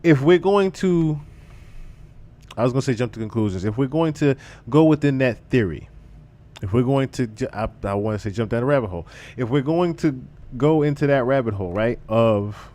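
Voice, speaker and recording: Man streamer, lively swooping pitch, profane, repetitive casual commentary. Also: brisk. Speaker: livestream commentator.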